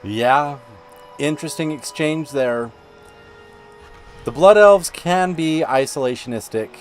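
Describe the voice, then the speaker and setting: A man's voice: a little high, slow pace, soft background music. A man hosting a gaming channel, talking through gameplay in a rambling, chatty way. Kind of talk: casual gameplay commentary.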